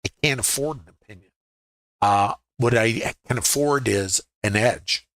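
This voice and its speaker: A man's voice: mid-range voice, measured pace, fairly bright tone, no room sound, rough recording. A man in his sixties giving live trading commentary to his viewers. He talks in a conversational way, thinks aloud with rhetorical questions and often checks that viewers are following. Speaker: futures trading educator.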